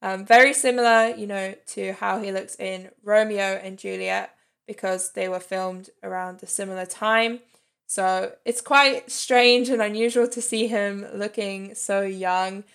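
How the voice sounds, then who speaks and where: A woman's voice: mid-range voice, steady tone, unhurried, vocal fry, fairly bright tone, clean tone. A woman in her thirties giving a chatty, candid spoken movie review and laughing lightly between points. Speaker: film reviewer.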